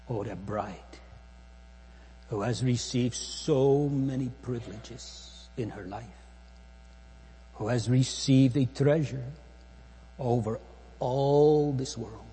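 A man preaching a solemn sermon, slow and measured, rising to emphatic phrases and sinking almost to a whisper. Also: mid-range voice, dark tone. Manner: slow, solemn preaching with long pauses, swelling and dropping to near-whisper. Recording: long hall reverb, faint mains hum.

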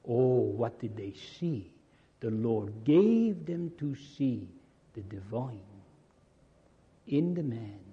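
A man preaching a sermon to a congregation, earnest and slow, repeating key phrases. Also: mid-range voice, sing-song, mellow, breathy edge, dull audio.

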